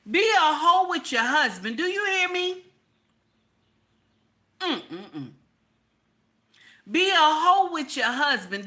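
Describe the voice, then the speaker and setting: A woman hosting casual reaction commentary, animated and brash with preachy asides. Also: fairly high pitch. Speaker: commentary host.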